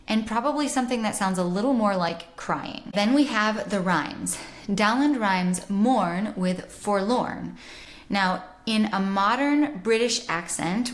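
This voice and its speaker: A soprano woman explains pronunciation in an unhurried, deliberate voice. She sounds out vowels as she teaches, in a mid-pitched tone. The room around her gives a noticeable echo. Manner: slow, deliberate, demonstrates vowel sounds aloud. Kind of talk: explanatory music lesson. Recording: roomy echo.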